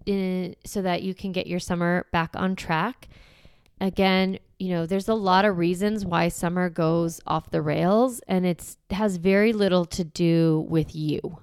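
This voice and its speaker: A woman's voice: lowish voice, vocal fry, a little mellow, smooth, no room sound, studio quality. A woman in her thirties hosting a solo parenting podcast, talking in an encouraging, conversational way and acting out the thoughts she describes.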